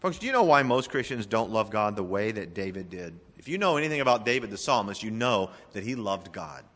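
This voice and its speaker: Male pastor, folksy emphatic preacher, bright tone, recorded in a reverberant church. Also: lowish voice, very animated, brisk. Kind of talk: sermon.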